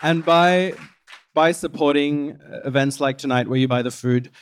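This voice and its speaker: A man hosting an event and introducing a speaker, with halting, filler-heavy speech. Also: fairly high pitch, over a noisy crowd, heavy background noise. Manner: halting, fumbling words with many fillers. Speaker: event host.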